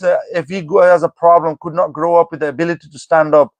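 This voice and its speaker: A man's voice: on the high side, little pitch movement, fairly quick, no room sound. A young man livestreaming, reading viewer comments aloud and answering them in an exasperated, scolding way. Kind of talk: live chat reading and replying.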